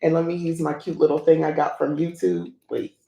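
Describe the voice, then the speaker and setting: A woman's voice: low voice, lively intonation, a little fast, creaky, mellow, echoey room, dull audio. A woman hosting a casual unboxing chat who rambles and laughs often. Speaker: host.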